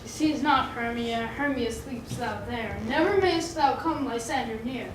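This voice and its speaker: A woman's voice: a little high, measured pace, natural voice. A woman as an ardent young male lover. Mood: passionate. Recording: echoey and noisy, from far off.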